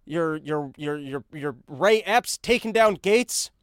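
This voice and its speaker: A man's voice: fairly high pitch, lively intonation, slow, clean tone, dry recording, studio quality. A man hosting a comedic news monologue, rambling and sarcastic, talking while he paces on a treadmill. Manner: rambling, sarcastic, full of fillers and restarts; talks while pacing on a treadmill. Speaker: podcast host.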